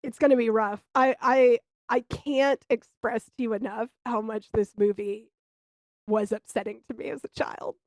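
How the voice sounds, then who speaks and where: Higher-voiced woman telling candid stories. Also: normal speed, no room sound. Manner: animated, candid storytelling with swearing. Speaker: podcast co-host. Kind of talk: casual chat.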